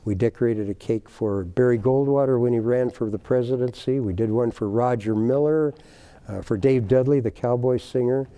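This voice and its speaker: An older man, a baker, telling stories in a TV interview in a folksy, animated way, acting out the people in his tales. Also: mid-range voice, moderate pace. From United States. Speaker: guest, baker. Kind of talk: storytelling in a TV interview.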